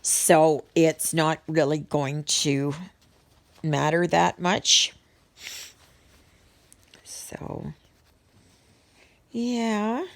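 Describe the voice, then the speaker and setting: Low, slow, gravelly-voiced chatty woman. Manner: rambling, chatty, with many ums and restarts. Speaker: vlogger. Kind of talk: casual chat to viewers while stitching.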